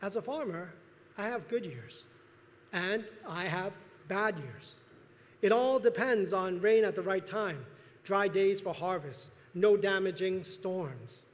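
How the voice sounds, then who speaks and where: A pastor delivers an earnest sermon in a high, light voice, pausing often and restarting phrases as he goes. His voice rings out with a long reverb that fills the church sanctuary. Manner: earnest preaching with pauses and restarts.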